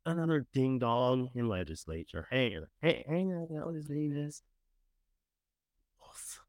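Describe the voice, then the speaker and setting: A man's voice: mid-range voice, sing-song, a little slow, dry recording. A man hosting a morning talk show, giving blunt, profane opinions in a casual style. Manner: blunt, profane, swings from scornful to gushing.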